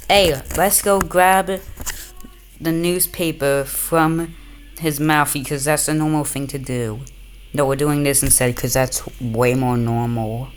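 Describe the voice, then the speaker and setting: A woman doing a silly comedic voice-over dub of an old cartoon, with deadpan asides. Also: deep voice, takes it slowly, a little hiss or hum.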